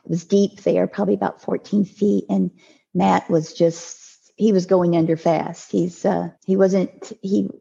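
Older woman, gravelly and halting. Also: on the low side, dark tone, highs cut off. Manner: halting, with restarts and repeated words. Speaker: podcast guest. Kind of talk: emotional personal storytelling in an interview.

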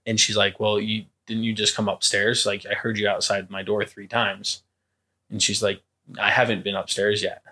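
A young man telling a ghost story in a relaxed podcast chat, with a fairly low voice. He acts out each quoted voice and the creaking steps with lively emphasis. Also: moderate pace. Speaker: podcast co-host. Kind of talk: casual storytelling.

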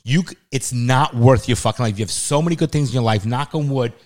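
Man, podcast co-host, fast speech, blunt, stern, swears a lot. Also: medium pitch, a little mellow. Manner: blunt, lecturing, heavy swearing. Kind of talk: casual podcast chat.

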